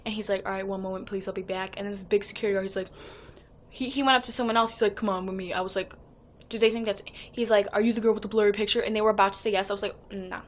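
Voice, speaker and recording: A teenage girl telling a casual, excitable vlog story about meeting her favorite performers, quoting everyone with "like". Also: mid-range voice, racing, slight background noise. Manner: chatty and excitable, quoting others with "like". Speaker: fan vlogger.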